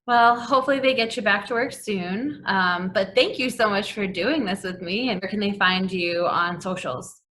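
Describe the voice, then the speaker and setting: A woman's voice: mid-range voice, moderate pace, hardly any pauses, a bit bright. A woman hosting a casual interview, prompting her guest with easy questions and closing the show. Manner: laughs often, friendly prompting questions. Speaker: interview host.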